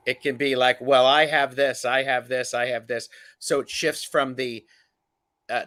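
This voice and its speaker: A man reading tarot cards in casual conversation, halting and searching for words with many fillers and restarts. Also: mid-range voice, fairly bright tone. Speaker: tarot reader. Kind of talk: casual chat and card reading.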